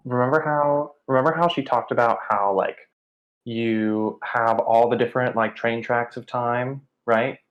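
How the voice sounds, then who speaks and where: A player explains something earnestly and haltingly in character during a tabletop game. The voice sits at a middle pitch. The recording sounds dull and lo-fi. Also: fairly even intonation.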